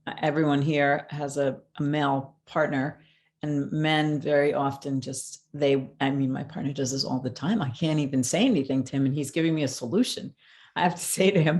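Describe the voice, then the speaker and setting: A woman leading a support group, speaking gently and encouragingly to the mothers. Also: sits low, fairly even intonation, fairly quick.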